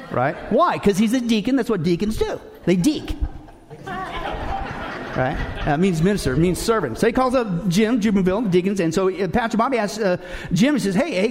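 A man's voice: high voice, a little mellow. A man preaching a sermon as pastor, telling folksy jokes and addressing the congregation as folks.

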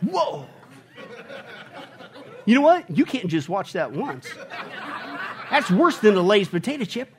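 A high-voiced man preaches to his congregation with a very lively, swooping delivery. He jokes with the room and bursts out loudly now and then. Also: takes it slowly, long pauses, noisy background. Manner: animated, joking preacher with sudden loud bursts. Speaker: pastor. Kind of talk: sermon.

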